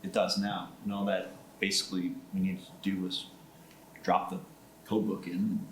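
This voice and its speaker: A male home builder on a casual panel, with a very low voice. He talks haltingly and repeats words as he finds his way. The sound is roomy and echoey, with a faint hum behind it. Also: little pitch movement.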